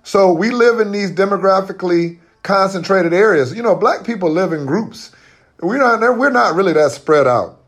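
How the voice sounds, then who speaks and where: This male guest, a boycott organizer, makes his case in a conversational interview with earnest emphasis and frequent restarts. His high voice is animated and a bit bright, at a moderate pace.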